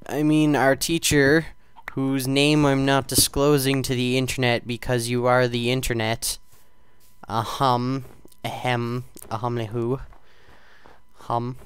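A teenage boy casually commentating his own gameplay, rambling and self-deprecating, with sudden loud outbursts. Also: medium pitch, level tone, measured pace, clean tone, no room sound. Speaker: gaming channel host.

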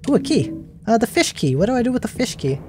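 A young woman giving let's play commentary as a gaming streamer, excitable, gasping and getting emotional as she plays. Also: on the high side, fast talker. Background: faint game music.

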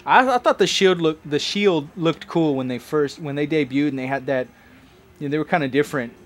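A man's voice: a little high, a little fast. A man giving casual, rambling commentary as he plays a game, chatting like a longtime fan. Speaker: let's play host.

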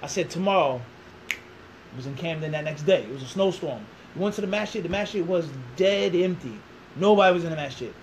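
Fast-talking high-voiced man. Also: slight background noise, low-quality recording. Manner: animated storyteller, acts out quoted dialogue, rhetorical questions. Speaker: interview guest. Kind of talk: storytelling interview.

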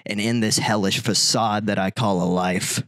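Mopey heartbroken moth guy spilling his sorrows slowly to the doc, a man doing the bit, dry close sound. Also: fairly low pitch, fairly even intonation, fairly bright tone, no room sound. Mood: despairing. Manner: slow, mournful confession to a doctor. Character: gloomy heartbroken male moth. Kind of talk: comedic bit told on a podcast.

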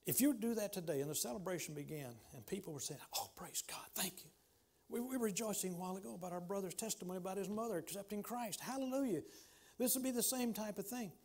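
A man, preaching a sermon as pastor in a church, swinging from loud exclamations to hushed pleading. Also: high voice, fast talker. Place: church sanctuary.

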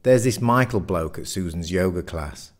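Man voicing a fifty-something man, hesitant, sincere, low; audiobook. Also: lively intonation, normal speed. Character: Peter, a 53-year-old man with heart disease.

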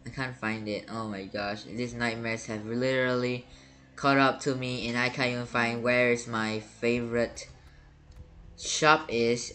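A man's voice: mid-range voice, flat delivery, measured pace, sharp tone. A man giving gameplay commentary as a YouTuber, panicky and stammering, repeating words over and over. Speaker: gaming YouTuber.

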